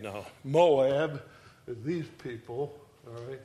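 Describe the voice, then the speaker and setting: A man teaches through a Bible passage in a folksy, conversational way, keeping his listeners along with frequent "all right?" checks. His voice is mid-pitched and ordinary. Scripture readings come louder and quicker than his homespun explanations. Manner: casual, homespun speech with asides like "all right?". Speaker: preacher. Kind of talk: folksy verse-by-verse sermon.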